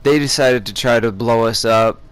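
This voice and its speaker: A man's voice: mid-range voice, moderate pace, clear, resonant tone, dry recording. A young man hosting a gaming channel, talking casually over his gameplay in a chatty, rambling way.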